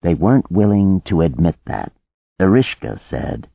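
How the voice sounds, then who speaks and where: Man reading a novel aloud, deep voice that moves a lot, dry and tinny like over a phone. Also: big pitch swings, normal speed, gravelly, no room sound. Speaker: audiobook narrator. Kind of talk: scripted narration. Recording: narrow phone-like band, dry.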